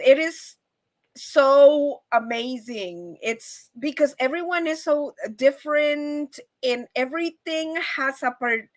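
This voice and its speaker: A bubbly, effusive woman hosting a casual live stream and chatting with viewers. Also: high-pitched. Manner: bubbly and effusive, with frequent laughs. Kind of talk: casual live chat reading viewer comments.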